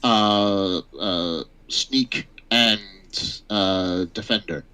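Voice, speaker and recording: A man narrating as game master of a tabletop game, halting and full of fillers. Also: fairly low pitch, pushed and bright, clear, resonant tone, poor audio.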